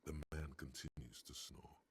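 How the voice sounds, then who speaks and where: A man's voice: steady tone, moderate pace. A man voicing a game's second-person narrator, telling the action in a dry, wry way. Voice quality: very deep, gravelly, husky. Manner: dry, wry, gravelly storyteller. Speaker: game narrator.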